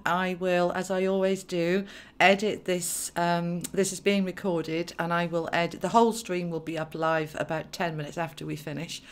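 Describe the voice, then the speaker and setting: Woman, meditation teacher, low-pitched voice, chatty then soft and slow. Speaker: meditation teacher hosting a live stream. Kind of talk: live chat then guided meditation.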